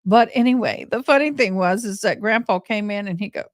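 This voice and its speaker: A woman's voice: medium pitch, fairly quick, no echo. Gal with a drawl chatting away to her stream, dry close sound. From Texas, USA. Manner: chatty, animated, talks to viewers as y'all. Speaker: livestream host. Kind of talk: casual storytelling to live chat.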